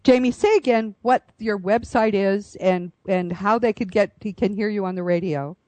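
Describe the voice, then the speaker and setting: A woman hosts an interview in a dry, close recording. She speaks at a medium pitch in an earnest, effusive way. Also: moderate pace, a little mellow, no echo. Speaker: host. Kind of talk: interview talk.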